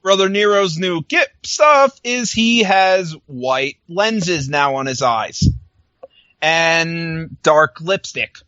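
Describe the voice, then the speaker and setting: A man's voice: on the high side, expressive, takes it slowly, pushed and bright, smooth, dry recording, dull audio. A man co-hosting a podcast, chatting casually and animatedly, acting out lines and laughing often. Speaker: podcast co-host. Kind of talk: casual recap chat.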